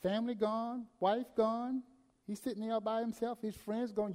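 High-voiced preacher in a reverberant hall. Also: male voice, normal speed. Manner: dramatic swings between loud and hushed delivery. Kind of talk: sermon.

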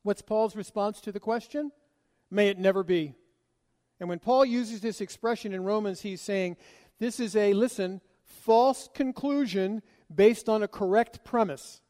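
A man's voice: high-pitched, measured pace, dark tone, big-room sound. A man preaching an expository sermon, emphatic and full of rhetorical questions he answers himself.

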